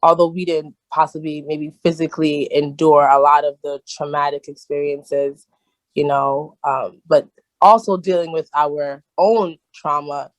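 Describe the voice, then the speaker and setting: A woman's voice: deep voice, steady tone, a little slow, no echo, poor audio. A young woman speaking on a video call, emotional and rambling, with many fillers and restarts. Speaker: cast member.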